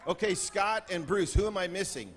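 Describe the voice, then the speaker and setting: A man speaking on stage at a convention, playfully calling out to groups in the crowd and shouting greetings. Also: high voice, normal speed, a little hiss or hum. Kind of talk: lively stage address to a crowd. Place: large convention hall with a crowd.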